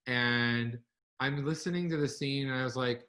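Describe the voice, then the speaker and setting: A man co-hosting a casual online chat over a video call, telling lively stories and laughing along the way. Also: medium pitch, moderate pace. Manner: animated storyteller, laughs while telling stories. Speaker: co-host.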